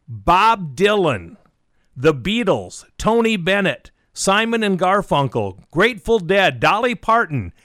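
A man's voice: sits high, fairly bright tone, no echo, clean studio sound. A man hosting a classic country radio show, reading dates and song facts in upbeat, chatty announcer patter. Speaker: radio host. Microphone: close studio microphone.

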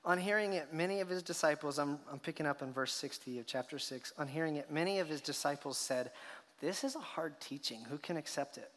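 A man's voice: fairly high pitch, brisk, fairly bright tone. A man preaching a sermon as a pastor, telling the story with rhetorical questions and acted reactions. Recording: long hall reverb.

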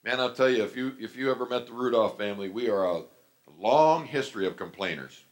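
Middle-aged male pastor, lively storytelling sermon, mid-pitched voice. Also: a little fast. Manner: animated storytelling, acts out quoted voices.

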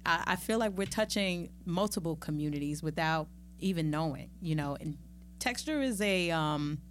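A middle-aged woman talking as a podcast guest in a casual, lively and playful way, with chatty asides. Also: deep voice, moderate pace, slight background noise. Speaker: podcast guest, magazine founder. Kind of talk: casual conversational interview.

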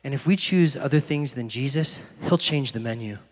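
A man's voice: medium pitch, normal speed. A young adult man giving a casual, conversational youth sermon as a pastor. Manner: casual, conversational preaching with fillers. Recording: loud piano music underneath. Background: soft piano music.

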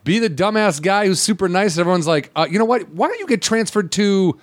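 Joking guy, kinda high voice, swears a lot, dry close sound. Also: lively intonation, brisk, no room sound. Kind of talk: casual chat.

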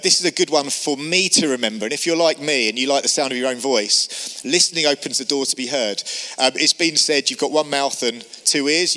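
Bright preacher, echoing hall. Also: male voice, mid-range voice. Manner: lively storyteller, quotes people in character. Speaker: pastor. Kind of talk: sermon with storytelling. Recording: long church hall reverb.

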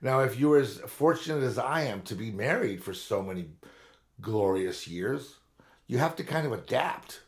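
A man's voice: mid-range voice, lively intonation, normal speed. A man in his fifties on a podcast, telling long, rambling, profane stories in casual chat. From Southern California. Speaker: podcast co-host.

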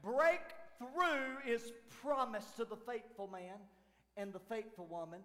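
A man preaching a sermon as lead pastor, dramatic, swinging from shouts down to near whispers. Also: very high voice, takes it slowly. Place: church sanctuary. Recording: echoey church hall with faint piano.

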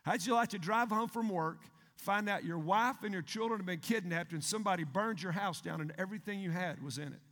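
A male pastor, preaching a sermon in an animated, emphatic way and asking the congregation questions. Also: high voice, fairly quick, hardly any pauses. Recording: long hall reverb.

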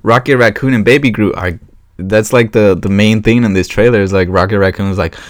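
A man hosting his own podcast in a casual solo chat, rambling and excitable with many fillers and restarts. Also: fairly low pitch, fairly quick, no room sound. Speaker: podcast host.

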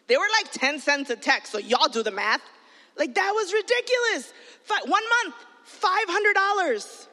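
A middle-aged woman pastor giving an animated, storytelling sermon to young people. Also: high-pitched, unhurried. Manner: animated storytelling, bursts into shouted quotes. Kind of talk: sermon to youth. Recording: long hall reverb.

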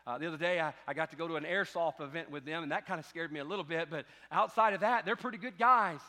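A man preaching a sermon as pastor, telling a story and swinging from hushed asides to loud exhortation. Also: fairly high pitch, fast, few pauses. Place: church sanctuary. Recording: long church hall reverb.

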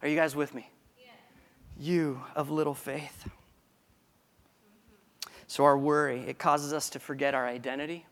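A male pastor delivers a sermon in a casual, conversational way. His voice sits a little high for a man, and he often restarts phrases mid-thought. He keeps checking in with his listeners with quick questions. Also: flat delivery, fairly bright tone. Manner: conversational preaching with frequent restarts and questions to the congregation.

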